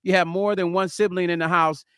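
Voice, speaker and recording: A middle-aged man, a musician and producer, chatting casually in a vlog while he builds a track, excitable and slangy, forever saying hold on. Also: sits high, a little fast, smooth, no echo, clean studio sound. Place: music studio.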